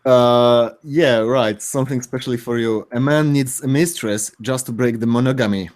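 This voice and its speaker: Halting, mumbling man telling jokes. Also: medium pitch, steady tone, a little mellow. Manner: halting, hard to understand. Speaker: panel guest. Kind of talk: telling jokes in casual chat.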